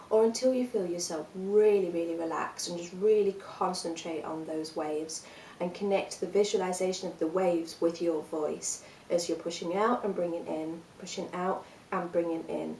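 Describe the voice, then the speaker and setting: Woman, singing teacher, calm and encouraging, explains step by step, distant mic, echoey room. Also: on the low side, slight background noise. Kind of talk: vocal workshop instruction.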